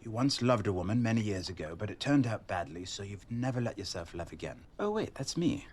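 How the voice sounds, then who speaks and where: Tyrion, wry dwarf lord. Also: male voice, lowish voice, big pitch swings, a little fast, darkish tone. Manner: dry, wry delivery. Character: witty dwarf lord, wry and self-mocking.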